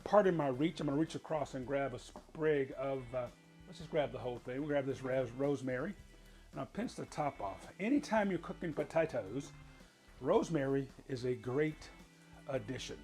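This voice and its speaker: A man's voice: mid-range voice, animated, moderate pace, a little mellow, soft background music. A man hosting a cooking show, chatting folksily to viewers as he demonstrates.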